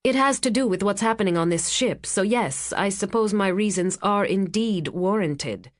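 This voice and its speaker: A woman's voice: medium pitch, moderate pace, close to an everyday voice. A woman voicing a tense, determined young female journalist who speaks urgently and slightly out of breath. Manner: urgent, pressing, a little breathless.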